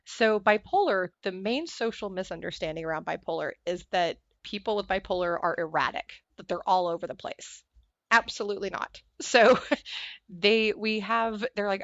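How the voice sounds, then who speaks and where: A woman speaking as an interview guest, animated and quick to act out other people's voices. Her pitch sits in the middle of the range. The recording is dull and lo-fi, with a dry sound. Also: no echo. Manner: animated storyteller, acts out quoted voices. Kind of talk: conversational interview.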